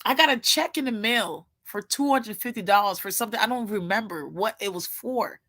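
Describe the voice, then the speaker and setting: A woman in casual chat, animated and gushing, with informal slangy speech and lots of exclamations. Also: medium pitch, normal speed.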